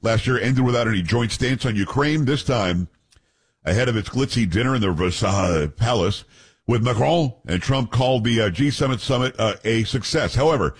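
A man's voice: mid-range voice, expressive, moderate pace, slightly rough. A man hosting a talk radio show, reading news aloud with blunt opinions and joking asides to his co-hosts.

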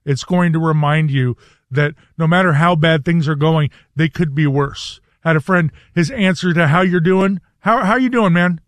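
A man co-hosting a radio talk show, delivering a reflective, earnest commentary in a measured way. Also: on the high side, no room sound.

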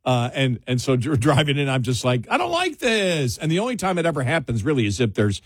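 A man's voice: medium pitch, quick pace, dry recording. Rambling man chatting on a dry mic. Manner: rambling, many restarts, laughs often. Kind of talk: casual chat.

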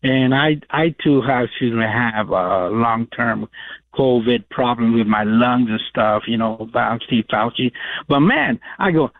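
A man's voice: mid-range voice, no echo. A man calling in to a radio show, chatty and rambling, with many fillers. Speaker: caller. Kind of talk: radio call-in. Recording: tinny phone line.

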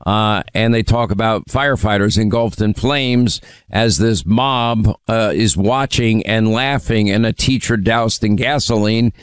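Male talk radio host, smooth resonant voice, dry studio sound, opinionated and forceful. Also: fairly low pitch, unhurried, no room sound. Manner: forceful, opinionated, many fillers. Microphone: studio microphone.

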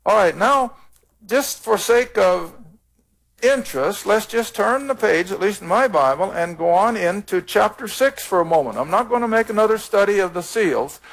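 A man with a high, gravelly voice teaches scripture for a taped program. He reads verses aloud and then explains them in plain, earnest words. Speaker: Bible teacher. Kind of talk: televised Bible teaching.

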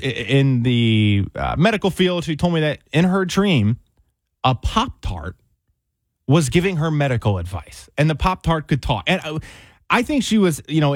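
A man's voice: a little high, very animated, moderate pace, dry recording. A young man, radio show co-host, telling a story in casual chat and acting out his own reactions.

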